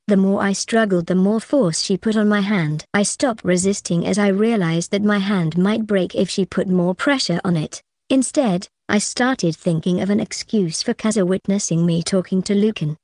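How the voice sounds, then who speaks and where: A woman's voice: mid-range voice, darkish tone, dry recording. Woman reading an audiobook, dry and close. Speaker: audiobook narrator. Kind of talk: first-person novel narration.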